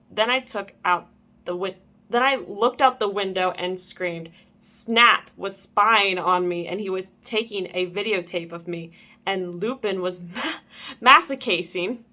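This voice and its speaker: A woman's voice: fairly low pitch, measured pace, bright, forceful tone. A young woman reading a fan story aloud with comic asides. She laughs often, stumbles over words and goes back to reread them. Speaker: channel host.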